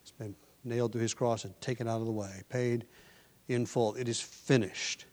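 A man preaching a sermon in a mid-pitched voice, often dropping to a quiet, hushed delivery. He swings up to loud, forceful emphasis on key lines and repeats words as he works through his explanation. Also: steady tone, moderate pace. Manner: shifts between hushed, soft passages and loud emphatic lines. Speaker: pastor.

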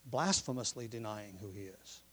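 A pastor preaching a sermon, explaining the text from his notes and pressing his listeners with forceful questions. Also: fairly low pitch, moderate pace, husky. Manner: teaching from notes, explains word meanings.

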